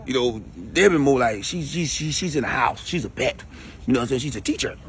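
A man's voice: medium pitch, expressive, fast talker, a little hiss or hum. A man in a comedy sketch talking in laid-back Southern slang, chuckling often.

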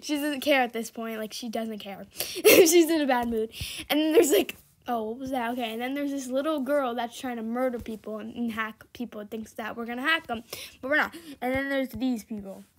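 A young woman giving casual, giggly commentary over her own gameplay, chatty and shifting between loud squeals and quiet mutters. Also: on the high side, fairly quick, a little hiss or hum. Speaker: gaming video creator.

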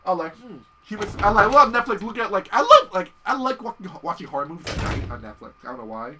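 A man casually commentating on a horror video game as he plays, excitable and swearing often. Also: high-pitched, fast talker, distant mic, slight background noise. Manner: excitable, profane, yells at the game. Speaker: gameplay commentator. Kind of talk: casual let's-play commentary.

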